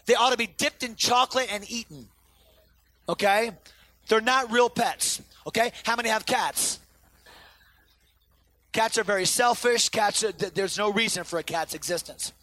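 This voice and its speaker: A man preaching a sermon to a congregation as pastor, animated and swinging between loud outbursts and quiet intensity. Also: high voice, moderate pace, pauses often, dry recording. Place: church sanctuary before a congregation.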